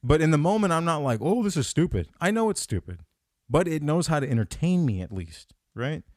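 On his comedy podcast, the host rants loosely about a movie, cursing heavily and acting out his thoughts in quotes with animated, profane energy. His voice sits on the high side and is brisk, captured with studio quality and no echo.

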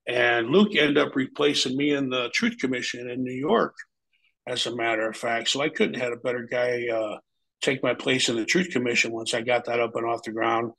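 Gravelly man telling road stories. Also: mid-range voice, normal speed, rough recording. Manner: animated, acts out quoted voices; profane, laid-back, says "man" often. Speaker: interview guest. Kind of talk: casual storytelling.

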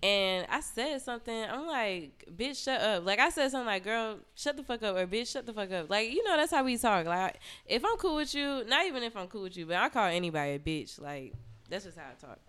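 A young adult woman, a podcast guest, telling an explicit story in casual chat, animated and profane, with lots of "like". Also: fairly high pitch, a little fast, clear, resonant tone.

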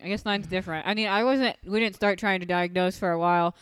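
A woman's voice: medium pitch, fairly even intonation, fast, clean tone. A woman in casual chat, telling stories from her childhood with frequent laughter. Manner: storytelling, laughs often. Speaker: podcast co-host.

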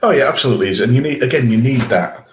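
A man co-hosting a podcast talks very fast in a medium-pitched, lively voice, laughing often as he casually discusses an episode.

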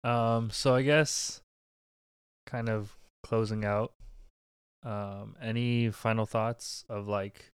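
A man's voice: on the low side, steady tone, takes it slowly, clean tone, no room sound. Laid-back young man, dry close sound. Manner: easygoing, laid-back, fillers like "kinda" and "like". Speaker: medical student. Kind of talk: casual conversation.

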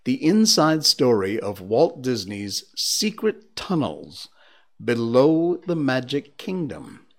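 A man hosting a livestream in casual chat, reading odd stories aloud with spooky asides. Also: mid-range voice. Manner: slow, animated reader with spooky asides. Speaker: livestream host.

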